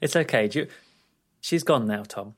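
Man, podcast co-host, relaxed film chat, thinks out loud. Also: mid-range voice, normal speed, husky. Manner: easygoing, thinks aloud with hesitations. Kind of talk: casual film-review chat.

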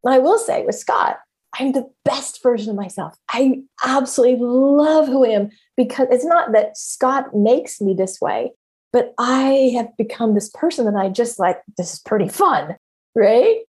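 A woman's voice: a little high, lively intonation, moderate pace, a little mellow. A middle-aged woman and former therapist who hosts a show, talking candidly to listeners, emphatic, swearing freely and repeating words as she goes. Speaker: podcast host and former therapist. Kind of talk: candid casual monologue.

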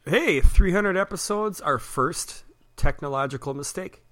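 A man co-hosts a casual podcast with teasing jabs and free swearing. His voice sits a little high and sounds bright and forceful. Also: a little slow. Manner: teasing, profane. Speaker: podcast co-host. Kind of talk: casual chat.

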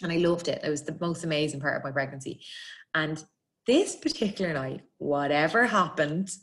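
Woman, Irish accent, low voice, chatty storyteller, laughs often, acts out quotes. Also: fairly bright tone. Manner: quick, chatty, laughs often, re-enacts dialogue. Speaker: guest telling her birth story. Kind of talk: casual storytelling.

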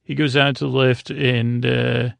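A man hosting a podcast, casually recapping a TV episode in a halting way, full of fillers and restarts. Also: mid-range voice, flat delivery, creaky, no echo.

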